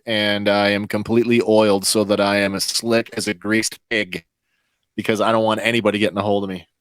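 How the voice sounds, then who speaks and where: A man's voice: fairly low pitch, fairly bright tone, smooth, no echo. Hesitant man thinking aloud, dry sound. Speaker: player. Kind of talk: casual tabletop play.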